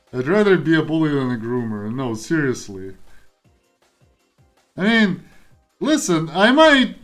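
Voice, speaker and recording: A young man streaming, chatting casually and rambling while he codes, often stopping mid-sentence and laughing. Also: a little high. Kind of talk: casual chat while coding.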